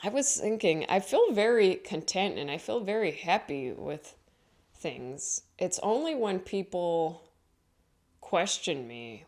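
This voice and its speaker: A woman's voice: on the low side, big pitch swings, a little slow, a little mellow. A woman comedian talking casually to the camera, chatty and rambling, often correcting herself and laughing along the way. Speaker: stand-up comedian. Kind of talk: casual vlog monologue.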